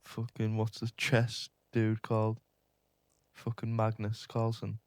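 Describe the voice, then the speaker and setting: A man's voice: lowish voice, monotone, takes it slowly, a little mellow, slight background noise. A young man with a Northeast English accent, co-hosting a casual podcast in a laid-back, sweary way. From Northeast England. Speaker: podcast co-host.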